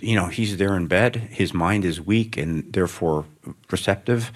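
A middle-aged man with a very low voice, speaking as an author in a live interview on stage. He muses thoughtfully and rambles, often restarting his sentences. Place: stage before student audience.

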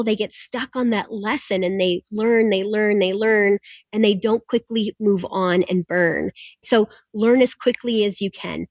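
Mid-pitched woman coach guest, upbeat and instructive, in a dry, dead-sounding room. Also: no echo. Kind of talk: explaining techniques in an interview.

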